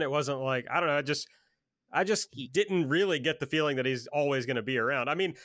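A man with a slightly raised pitch recaps wrestling in a casual podcast chat. He gets fired up and swears freely. His voice sounds dry and close, with no room echo. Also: fairly bright tone. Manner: profane, heated, fired up. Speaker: podcast co-host.

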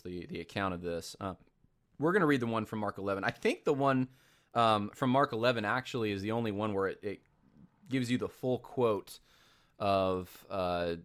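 A man giving casual commentary on a sermon clip, halting with frequent restarts. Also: low-pitched, a bit bright. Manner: halting, many restarts and fillers.

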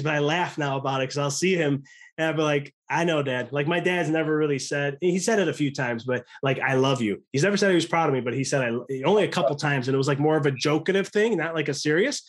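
Earnest American man, 30s, casual talk, slightly raised pitch, rambling delivery. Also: fast. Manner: rambling, earnest, many restarts. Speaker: podcast guest. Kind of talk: casual conversation.

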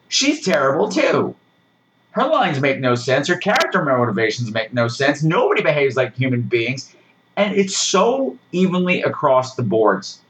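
A man's voice: medium pitch, low-quality recording. Sarcastic man ranting animatedly. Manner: sarcastic, animated, swings into mocking voices. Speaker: podcast movie reviewer. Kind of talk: casual ranting review.

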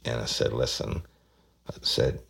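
A man's voice: extremely low pitch, flat delivery, a little slow, gravelly, fairly bright tone, husky. A man, recounting a police case in casual storytelling, acting out the voices of the people in it. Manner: retells dialogue, acting out quoted voices.

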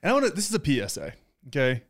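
A man's voice: huge pitch swings, rapid-fire. Dry, self-deprecating man co-host. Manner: dry, self-deprecating, mumbling low asides. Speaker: podcast co-host. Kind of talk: casual chat.

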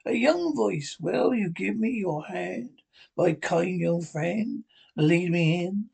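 A man voicing a cruel blind old male beggar, soft-spoken and threatening in a sing-song way. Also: high-pitched, lively intonation, slow, gravelly, slightly rough, heavily acted. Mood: menacing.

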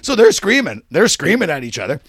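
Man, gravelly, lively swings in pitch, swears a lot, laughs through his story. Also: brisk, dry recording, studio quality. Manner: profane, animated storyteller acting out quarrels, laughing often. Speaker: podcast co-host. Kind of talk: casual storytelling chat.

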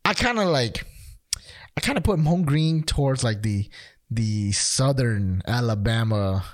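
A man's voice: mid-range voice, lively intonation, a little slow, no echo, clean studio sound. A man chatting casually, rambling and playful, with many fillers and restarts. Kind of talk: casual chat.

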